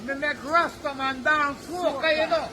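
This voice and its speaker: A man's voice: very high voice, steady tone, normal speed, poor audio. An older man with a Jamaican accent, chatting in a playful, boastful way and saying "you know" a lot. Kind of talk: casual chat. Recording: loud street noise and crowd.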